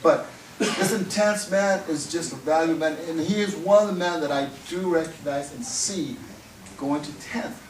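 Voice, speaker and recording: A man giving a tribute speech at a ceremony, talking in a halting way with many restarts. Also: on the high side. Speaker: martial arts colleague giving a tribute. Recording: echoey room, far off, noisy.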